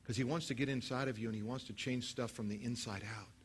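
A male pastor delivers a sermon to his church, moving between loud, emphatic stretches and low, hushed prayer while leading the congregation in praying aloud. He speaks quickly with fairly even intonation, over slight background noise.

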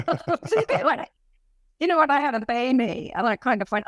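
A woman in her late fifties with a London accent, chatting as an interview guest in an animated, self-mocking way with many restarts. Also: sits high, normal speed, no room sound, clean studio sound. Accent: London English. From London, England. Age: late 50s. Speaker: guest author and performer. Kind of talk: casual interview chat.

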